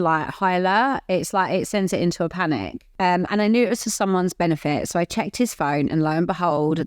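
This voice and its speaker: Giggly woman with a lowish voice. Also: no echo, studio quality. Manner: giggly, chatty. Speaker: podcast co-host. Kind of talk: casual podcast chat, reading listener messages.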